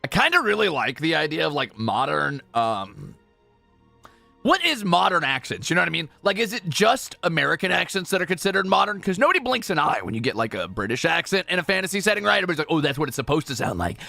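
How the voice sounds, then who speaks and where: Lively, bright-voiced male streamer. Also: on the high side, fast, vocal fry, no room sound, faint music behind. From Europe. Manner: chatty, self-correcting, jokey. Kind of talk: casual gameplay stream chatter.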